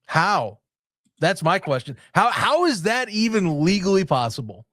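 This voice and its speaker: Man, fairly high voice, dry close sound; rambling, laughing sports-podcast talker. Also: sing-song, a little slow, fairly bright tone, no room sound. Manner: rambling, self-interrupting, laughs often. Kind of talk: casual sports chat.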